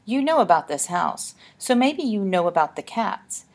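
A woman's voice: medium pitch, big pitch swings, normal speed, slightly rough, pitched above the performer's own voice. A woman reading aloud, voicing a frightened young girl who speaks in an anxious, breathless, hesitant way. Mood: scared, urgent.

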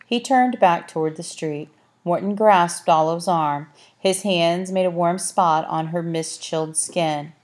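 Woman, audiobook narration, measured, expressive, lowish voice. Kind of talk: scripted narration.

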